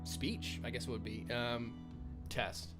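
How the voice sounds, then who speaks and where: A man's voice: medium pitch, level tone, takes it slowly, fairly bright tone, faint music behind. A man running a tabletop game as game master, rambling and swearing freely. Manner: rambling, frequent restarts and swearing. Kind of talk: narrating a tabletop game live.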